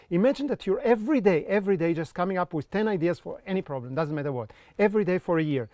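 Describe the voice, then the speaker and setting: A man's voice: high voice, animated, quick pace, few pauses, warm tone, no room sound, clean studio sound. A man teaching an online creativity course, speaking directly to the viewer and walking them through exercises with frequent check-ins. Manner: encouraging, checks in with frequent "okay?"; talks straight to the viewer, giving step-by-step tasks. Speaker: creativity coach.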